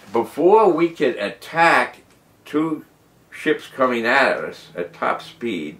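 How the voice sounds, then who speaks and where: A man in his nineties, a war veteran telling his story in an oral history interview with emphatic rises and drops. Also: echoey room. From United States. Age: 90s. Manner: animated, emphatic storyteller who rises and drops in pitch and loudness. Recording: voice from a distance off the mic.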